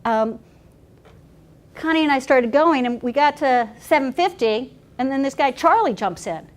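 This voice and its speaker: A woman pastor leads a workshop, telling stories in a lively, chatty way. She restarts her sentences often and speaks a little high. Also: normal speed. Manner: animated, chatty, laughing, full of restarts. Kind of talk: storytelling workshop talk.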